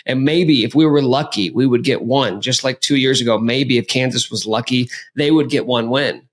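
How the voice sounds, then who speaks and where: A man hosting a casual sports podcast, talking in an energetic, joking way. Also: medium pitch, normal speed. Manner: energetic, hyped, jokey. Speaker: podcast host.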